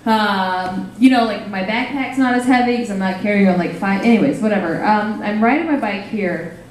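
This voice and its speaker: A woman's voice: medium pitch, moderate pace, a little hiss or hum. A woman doing a rambling, self-deprecating stand-up set on a small cafe stage. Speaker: stand-up comedian. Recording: roomy live cafe recording.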